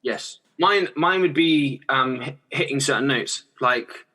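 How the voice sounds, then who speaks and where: Young guy chatting on a podcast, bright and a bit husky, lots of laughing and restarting. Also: mid-range voice, measured pace. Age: young adult. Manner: chatty, rambling, laughs often, many restarts and fillers. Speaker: guest singer-songwriter. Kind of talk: casual podcast chat.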